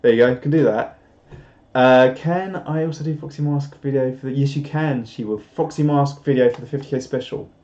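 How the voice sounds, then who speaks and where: A man's voice: medium pitch, brisk, a little mellow. Man chatting on a live stream. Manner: reads viewer comments aloud, jokey and rambling. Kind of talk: casual live stream chat. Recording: dull lo-fi sound.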